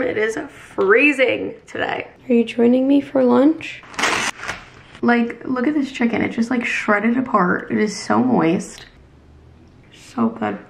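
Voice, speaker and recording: A young woman in her twenties, hoarse with her voice mostly gone, chatting and rambling casually to camera at home. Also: medium pitch. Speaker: vlogger. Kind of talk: casual vlog chat to camera. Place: at home indoors.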